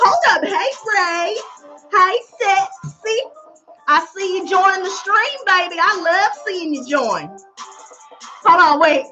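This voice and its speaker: A woman's voice: sits high, rough recording. A woman tarot reader hosting a livestream in a brash, hyped persona, rhyming, cursing and laughing as she banters with her chat. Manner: loud and excitable, often laughing.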